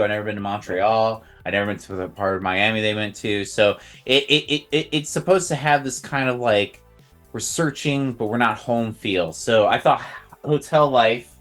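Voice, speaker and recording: A man co-hosting a podcast in casual chat, halting with many uhs and restarts. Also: on the low side, a bit bright. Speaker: podcast co-host.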